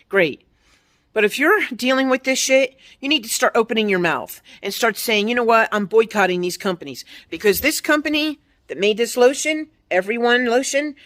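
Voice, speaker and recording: A woman's voice: mid-range voice, a bit bright. Blunt, profane woman in her fifties ranting. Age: 50s. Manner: blunt, profane, exasperated ranting with mocking quoted voices. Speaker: vlogger. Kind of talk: ranting monologue to camera.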